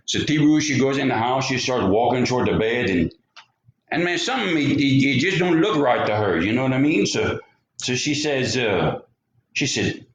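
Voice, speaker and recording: Brief: Cajun man spinning a folk tale, lively, rambling asides, roomy recording. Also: mid-range voice, normal speed. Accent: Louisiana Cajun. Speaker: storyteller. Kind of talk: folksy oral storytelling. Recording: roomy, slightly dull home recording.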